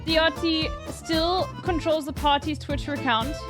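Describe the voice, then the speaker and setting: A woman's voice: high-pitched, steady tone, a little slow. A woman streamer, casually reading posts aloud and reacting, swearing freely. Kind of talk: live-stream reaction commentary. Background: faint music.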